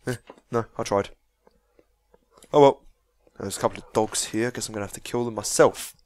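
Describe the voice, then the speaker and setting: A man's voice: on the low side, normal speed, background noise. A young man giving casual, sweary let's-play commentary, chatting and joking as he reacts to the game. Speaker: gaming video host.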